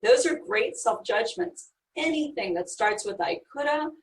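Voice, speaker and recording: A woman's voice: on the high side, lively intonation, measured pace, distant mic, slight background noise, low-quality recording. A woman guiding listeners through a healing meditation, coaching them step by step in a soothing way. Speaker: energy healing guide.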